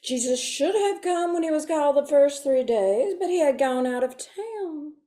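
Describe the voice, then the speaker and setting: A woman's voice: sits high, animated, moderate pace, mellow, voice pushed up. A woman voicing a prim, fussy older Sunday school teacher in a comic monologue, talking in a lilting, stagey way full of asides. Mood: wry.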